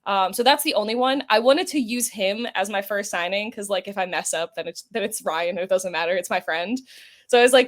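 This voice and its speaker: A woman's voice: medium pitch, a little fast. A woman guest on a podcast, chatting casually and telling long rambling stories full of fillers. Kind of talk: casual interview chat.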